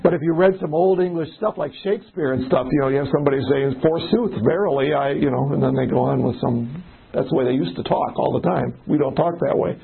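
A man's voice: fairly high pitch, fast, gravelly. A man leading a casual Bible study, talking in a conversational way and putting questions to the group. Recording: tinny phone-like recording.

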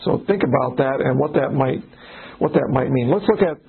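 Speaking at a moderate pace, this pastor has a mid-range voice that's creaky and slightly rough, heard through phone-quality sound. He runs a casual Bible study, chatting, frequently starting sentences over, and playing out small exchanges.

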